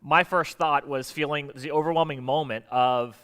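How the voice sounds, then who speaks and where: A man preaching a sermon as pastor, animated and joking with the congregation in a church sanctuary. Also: fairly high pitch, normal speed, smooth, in a large hall.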